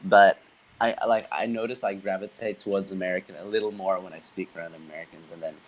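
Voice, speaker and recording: A young man with a mild Australian accent, a band member chatting casually on a podcast in a relaxed, rambling way with lots of fillers. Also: sits low, quick pace, low-quality recording.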